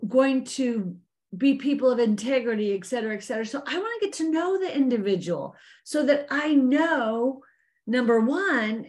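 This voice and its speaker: Animated middle-aged woman giving a leadership talk. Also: high-pitched. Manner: earnest, animated, addresses listeners as ladies. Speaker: business coach teaching women. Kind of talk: faith-based leadership talk.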